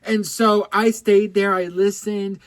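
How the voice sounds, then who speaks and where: A man's voice: sits high, slow, no echo. A man vlogging celebrity gossip, chatty and campy, cursing freely and rambling through restarts and asides. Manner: campy, gossipy and animated, with lots of swearing and "girl". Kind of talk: casual chatty storytelling to camera.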